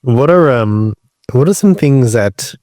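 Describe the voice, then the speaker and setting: A man's voice: medium pitch, expressive, slow, mellow, no echo. Guy co-hosting a podcast, rambly and asking questions, mid voice, dry sound. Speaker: podcast co-host. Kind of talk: casual podcast chat.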